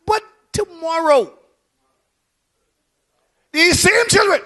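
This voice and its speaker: A pastor delivers his sermon in a strikingly high voice with a sharp, bright edge. He shouts his big points, then sinks to quiet, low asides. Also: animated, slow. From Bahamas.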